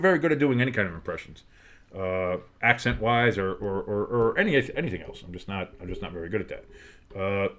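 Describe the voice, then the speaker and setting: A man from America calling a football game live for a stream, chatting with viewers between plays, blunt and swearing, breaking into loud excitement at times. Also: medium pitch. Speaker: play-by-play streamer. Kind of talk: casual live play-by-play and reaction.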